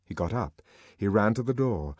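A man narrating an audiobook in a measured, expressive storytelling manner, recorded on a close studio mic. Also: fairly low pitch, no room sound.

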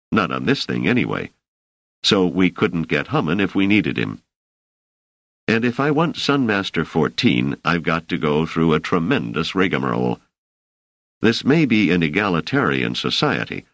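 In an audiobook, a deep-voiced male narrator gives a full character voice to a wry, impatient scholarly man, dryly ironic and exasperated. The voice sits very low yet moves a lot in pitch, with a fairly bright tone. The recording is close and completely dry.

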